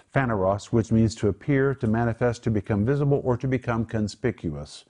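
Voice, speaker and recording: A man's voice: lowish voice, a little mellow. A man teaching from the Bible on a Christian talk show, earnest and emphatic, praying aloud for viewers.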